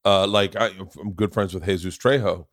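A man's voice: low-pitched, fairly even intonation, moderate pace, a bit bright, dry recording, clean studio sound. A man hosting a podcast, telling stories in a loose, rambling way, often restarting sentences and swearing freely. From Florida. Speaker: podcast host; comedian. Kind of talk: casual conversational storytelling.

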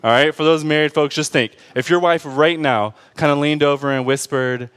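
Male pastor, fairly high voice, casual preaching style, jokes, constant "right?" check-ins. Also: steady tone, normal speed, hardly any pauses, a bit bright, smooth. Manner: keeps asking the congregation "right?" and "okay?"; informal and joking, with asides to the congregation. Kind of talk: conversational sermon.

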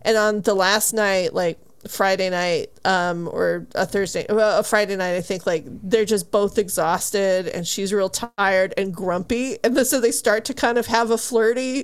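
Podcast co-host, woman, mid-range voice, lively, acts out scenes and swears casually. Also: mid-range voice, a little slow, hardly any pauses, clean tone. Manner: animated retelling, acting out characters' lines, frequent swearing and laughter. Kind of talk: casual book review chat.

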